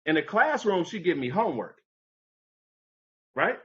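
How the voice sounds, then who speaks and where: Very animated yet a little slow, a man with a fairly bright tone tells a story from his youth as a podcast guest. He acts out quoted voices with big pitch jumps, and the sound is lo-fi.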